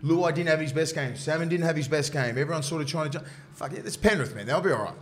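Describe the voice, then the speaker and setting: A man's voice: a little high, quick pace. A man co-hosting a casual sports podcast as a former player, blunt and swearing constantly, acting out what players would say. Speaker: former rugby league player, podcast co-host.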